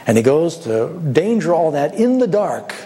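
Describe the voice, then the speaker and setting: A man's voice: fairly high pitch, big pitch swings, normal speed, dark tone. A man preaching a sermon in a church, telling a parable with rhetorical questions and little acted-out quotes.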